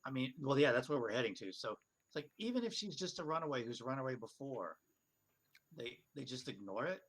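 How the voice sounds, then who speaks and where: A man chats at a gaming table, questioning and puzzled. His pitch moves a lot as he talks. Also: very animated, a little fast, fairly bright tone. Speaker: player. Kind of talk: casual table chat.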